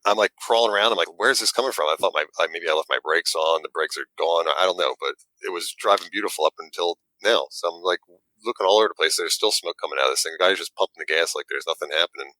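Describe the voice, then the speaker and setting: A man, a guest who makes models, telling an animated story in casual chat and acting out the quotes with little stammers. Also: low-pitched, fast talker, no room sound, low-quality recording.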